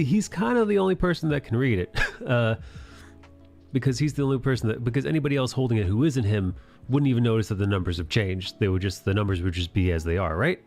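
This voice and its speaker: A man with a fairly low voice talks through an anime recap in a loose, rambling way, swearing now and then. Faint music plays underneath. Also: darkish tone. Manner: loose, rambling, profane retelling. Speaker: anime review host. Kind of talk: casual recap discussion.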